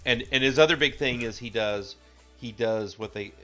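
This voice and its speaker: A man chatting on a livestream, telling a story haltingly with many pauses and ums. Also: mid-range voice, bright, forceful tone, faint music behind. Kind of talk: casual livestream chat.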